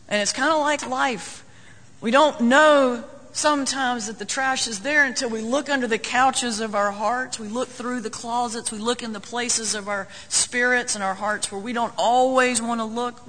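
A man's voice: very high voice, bright, forceful tone, slight background noise. A man preaching a sermon as a folksy, joking storyteller. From North Carolina, US. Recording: long hall reverb.

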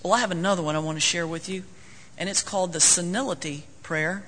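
A man's voice: sits high, steady tone, quick pace, bright, forceful tone. A man preaching a sermon as a folksy, joking storyteller. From North Carolina, US. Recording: long hall reverb.

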